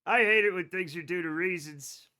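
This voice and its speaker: A man with a bright, somewhat high voice chats casually through a live game stream. He rambles from topic to topic, addresses his chat directly and swears without fuss. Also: moderate pace, smooth. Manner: rambling, chatty, swears freely, talks to chat.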